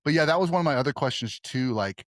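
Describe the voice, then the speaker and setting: A man's voice: medium pitch, animated, fast talker, a bit bright, dry recording, studio quality. A man hosting a film podcast, talking casually and rambling, often trailing off and restarting. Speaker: podcast host.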